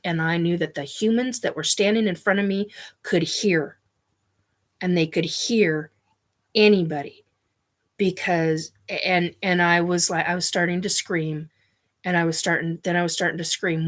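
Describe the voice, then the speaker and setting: Woman, lowish voice, unhurried, blunt storytelling, curses, halting. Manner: blunt, swears freely, halting restarts. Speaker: host. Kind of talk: personal storytelling.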